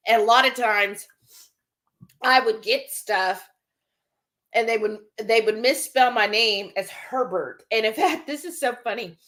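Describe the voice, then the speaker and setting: A woman hosting a cooking livestream, chatting and telling stories as she reads viewer comments aloud. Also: on the high side. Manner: chatty storyteller, quick animated asides. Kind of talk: casual chat, reading viewer comments aloud.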